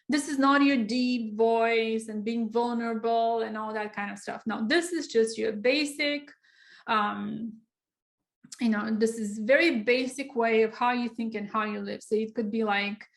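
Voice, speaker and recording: Chatty woman coaching personal statements. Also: on the high side. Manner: conversational, frequent fillers, acts out sample writing. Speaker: writing coach. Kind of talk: informal online lesson.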